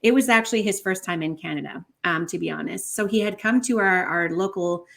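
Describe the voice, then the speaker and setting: A woman, a podcast guest, telling a personal story in an animated way with many fillers. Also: on the low side, brisk, creaky. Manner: animated, many fillers like 'like' and 'you know'.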